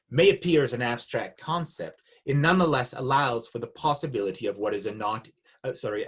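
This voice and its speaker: A man giving an academic seminar talk, reading from his paper in a measured, reflective way. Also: mid-range voice, slightly rough. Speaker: academic speaker. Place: Canada.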